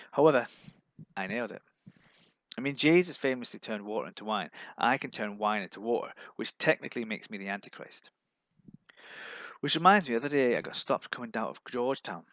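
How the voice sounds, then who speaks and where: Man, stand-up comic, deadpan one-liners, mid pitch, dry close sound. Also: fairly quick, pauses often, dry recording. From England. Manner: deadpan one-liners with put-on voices for others. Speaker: stand-up comedian. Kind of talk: live-streamed stand-up set.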